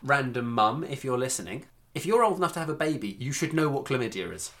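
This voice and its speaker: An English man co-hosting a casual podcast chat, rambling and quick to laugh. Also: medium pitch, big pitch swings, a bit bright. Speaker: podcast co-host.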